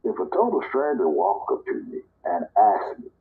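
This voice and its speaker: A man from Nebraska casually telling a personal story, talking relaxed and slipping into higher voices when he quotes people. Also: a little fast, hardly any pauses. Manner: relaxed, conversational, acts out quoted dialogue in a higher voice. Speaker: storyteller in a live audio chat. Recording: tinny phone-line audio.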